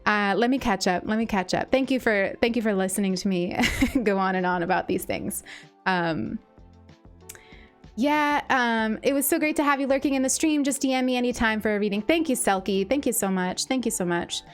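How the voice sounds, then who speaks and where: A woman's voice: fairly high pitch, lively intonation, normal speed, soft background music. A woman streamer chatting casually to her viewers, gushing and grateful, with many ums and restarts. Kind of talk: casual live-stream chat.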